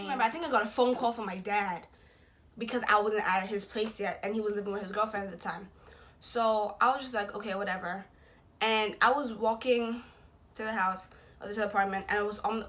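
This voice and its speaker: A young woman vlogger telling a personal story in a casual, slangy, animated way, acting out what people said. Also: medium pitch. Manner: slangy, animated retelling with quoted voices.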